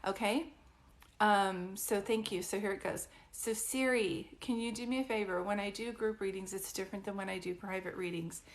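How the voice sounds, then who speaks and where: A woman's voice: medium pitch, steady tone, normal speed. Chatty woman giving a live reading. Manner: chatty, reassuring, full of fillers and restarts. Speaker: psychic medium.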